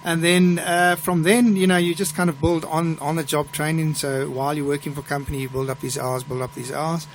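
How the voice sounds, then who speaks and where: A middle-aged man with a South African accent, a pilot who hosts a live show and tells stories in a chatty, relaxed way. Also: on the high side, noisy background. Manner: chatty, relaxed storyteller with restarts. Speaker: airline pilot and show host. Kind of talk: live show chat and anecdote telling.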